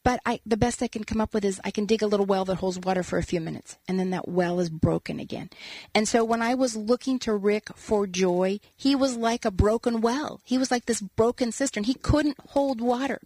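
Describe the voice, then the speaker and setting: A woman, an author and guest, telling a personal story in an earnest, animated way and acting out quotes as she talks. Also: medium pitch, fairly quick, dry recording. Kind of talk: casual storytelling conversation.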